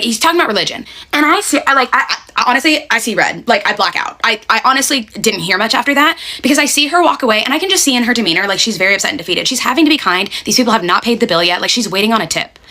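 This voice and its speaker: A young woman tells her story at a rapid clip, her voice bright and forceful. She is blunt and sweary, presses each point hard and keeps tossing in "okay?" as she goes. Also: a little high. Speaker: restaurant server telling a story. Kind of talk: casual storytelling rant.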